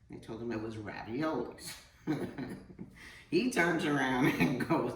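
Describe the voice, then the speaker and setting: A middle-aged woman with an extremely low, gravelly voice hosts a casual home cooking demonstration, speaking at a measured pace with frequent pauses. Chatty and joking, she addresses her viewers directly. The recording sounds roomy and distant from the mic, with a faint hum.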